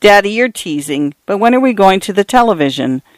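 A man reading aloud voices a shy, excited little girl asking her father eager questions in a raised voice. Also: high voice, a little fast, dry recording, pitched above the performer's own voice.

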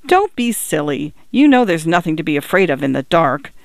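A man reading aloud and voicing a brisk, dismissive grown-up mother. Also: fairly high pitch, very animated, gravelly, no echo, clean studio sound.

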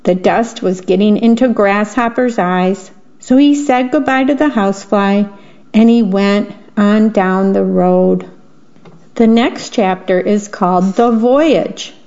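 A woman volunteer reading a bedtime story aloud on the radio, gentle and steady. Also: medium pitch, slow pace. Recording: dull lo-fi radio broadcast.

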